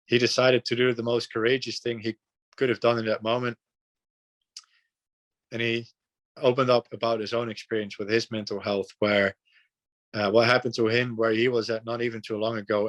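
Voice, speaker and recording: A young man from the Netherlands, a podcast guest telling a story in an earnest, relaxed way, with frequent fillers and repeated words. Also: fairly low pitch. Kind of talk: casual storytelling.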